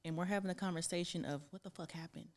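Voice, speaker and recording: A woman's voice: on the low side, steady tone, fast, a little mellow. A woman in her thirties co-hosting a podcast, talking frankly and with exasperation, swearing freely. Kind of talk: casual chat.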